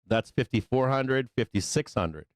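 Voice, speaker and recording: A man hosting a live stock market show, talking through trades in a loose, profane, excitable way. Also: medium pitch, measured pace, dry recording. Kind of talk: live trading commentary.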